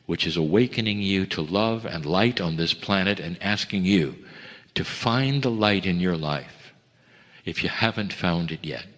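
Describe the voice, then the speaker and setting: A man giving a channeled spiritual message to an audience, speaking gently and measured, with emphatic pauses and calling listeners dear ones. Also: deep voice, lively intonation. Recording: long hall reverb.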